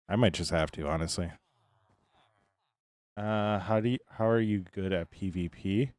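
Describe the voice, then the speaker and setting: A man with a very low voice talks easily to his live chat, greeting viewers one by one. He sounds tired but friendly and unhurried. The sound is dry and close, with no room echo. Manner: relaxed, chatty, greets chat by name. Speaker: streamer. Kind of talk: casual live-stream chat.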